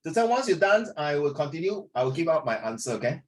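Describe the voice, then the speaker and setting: A middle-aged man teaches over a video call, chatty and teasing with his students. His voice sits on the higher side and swings widely in pitch. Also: big pitch swings, quick pace. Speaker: English tutor. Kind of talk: online class teaching.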